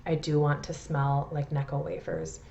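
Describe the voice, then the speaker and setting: A woman with a low, mellow voice and vocal fry reviews perfumes at a normal speed in a flat delivery. She's a Midwestern American vlogger with the matching accent, casually chatty and prone to rambling, self-deprecation, and frequent restarts. High frequencies are cut off in the audio.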